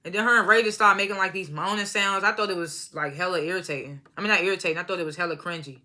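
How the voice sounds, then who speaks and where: A woman's voice: fairly low pitch, steady tone, very fast, pushed and bright. A woman casually recapping a reality show episode, laughing often and acting out what the cast said in loose, slangy talk. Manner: laughs often while retelling scenes; loose slangy storytelling, acts out quotes.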